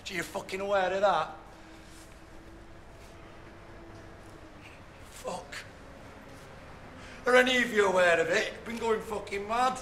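A man's voice: high-pitched, moderate pace. A heartbroken young man raging. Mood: desperate. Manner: sweary, pleading and shouting in distress. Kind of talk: television drama acting. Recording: roomy with background noise.

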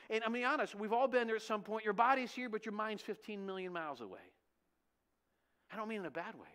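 High-voiced, animated male pastor preaching. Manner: animated storytelling, rhetorical questions. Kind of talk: sermon. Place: church.

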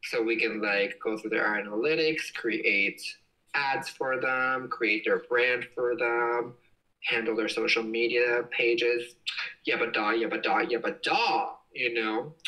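Young male streamer, chatty and excitable, bright tone, sits a bit back from the mic. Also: mid-range voice, slow, distant mic, rough recording. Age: young adult. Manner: excitable, giggly, gushing exclamations. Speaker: livestream host. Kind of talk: casual livestream chat reading viewer comments. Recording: voice slightly off-mic.

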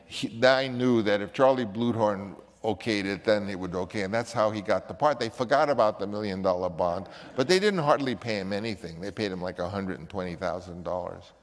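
An older man with a fairly low voice tells a story in an interview, animated and lively, acting out other people as he goes. His voice trails off in a long reverb, as if in a large space. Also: brisk, hardly any pauses. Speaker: filmmaker recalling a casting story.

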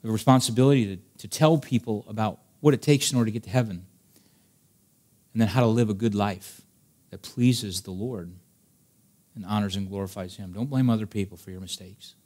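A man's voice: lowish voice, fairly quick, darkish tone. A male pastor preaching a sermon to his congregation, emphatic and direct, full of rhetorical questions. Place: church service before a congregation.

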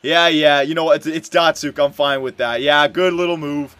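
A young man giving casual commentary while playing a hockey video game, muttering one moment and yelling in frustration the next. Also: a little high, normal speed, smooth, dry recording. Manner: excitable, swings from muttering to loud outbursts. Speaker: gameplay commentator.

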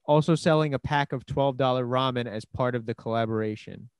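A man's voice: medium pitch, brisk, clean tone, no echo, studio quality. A man from Queens co-hosting a podcast, chatting casually and teasing his co-host, getting heated when he defends his team. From Queens, New York. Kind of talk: casual chat.

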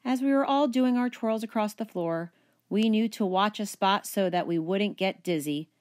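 A woman teacher reading a children's picture book aloud, with expressive, animated storytelling. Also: medium pitch, moderate pace.

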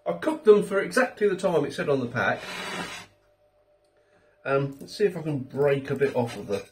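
A middle-aged British man hosts a casual food review channel, chatty and self-deprecating with rambling asides. His voice is on the high side with big pitch swings at a moderate pace, recorded from a distance.

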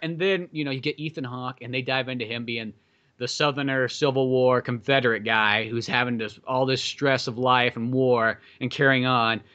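A man co-hosts a movie podcast, chatting casually in a rambling, profane way with lots of fillers and acting out quoted lines as he reviews films. His mid-range voice is bright and forceful, and the sound quality is lo-fi.

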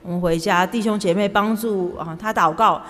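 A woman interprets a sermon in a steady, plain voice at a middling pitch. A long reverb from a church hall follows her words. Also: normal speed.

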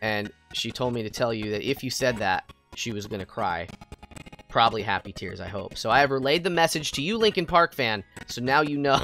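Low-voiced streamer lady, super bouncy and silly, dry close headset sound, a bit of game music under it. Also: animated, moderate pace, a bit bright, no room sound. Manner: bubbly and goofy, swings between squeals and mutters. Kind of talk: casual livestream chat with viewers. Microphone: headset mic. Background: faint game music.

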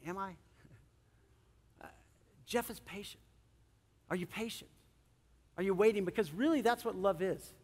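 A middle-aged male pastor preaching a sermon, animated, swinging between loud emphasis and soft, earnest moments. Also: high-pitched, moderate pace, pauses often. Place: church sanctuary. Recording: long church hall reverb.

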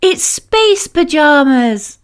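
A woman voicing an excited little boy at bedtime, eager and squealing. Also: high-pitched, slow, pitched above the performer's own voice, full character voice. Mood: thrilled.

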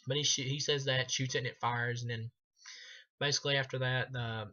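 A man rants his way through a film review, swearing freely and laughing at what he describes. His voice is bright and forceful in the middle range. The recording sounds a little dull and lo-fi. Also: mid-range voice, little pitch movement, fairly quick. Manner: sarcastic, profane, laughs often. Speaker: movie reviewer. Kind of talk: casual profane film review.

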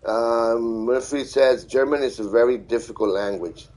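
A man live streaming, reading viewer comments aloud and thanking them in a halting, friendly way. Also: medium pitch, darkish tone, rough recording. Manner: halting, with many fillers and restarts. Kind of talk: casual live-stream chat.

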